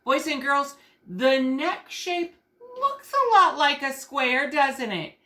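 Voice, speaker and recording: Slow-spoken, bright-voiced preschool teacher. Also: female voice, sits high, sing-song. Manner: slow, gentle and encouraging, sings call-and-response songs. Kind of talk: teaching young children on video.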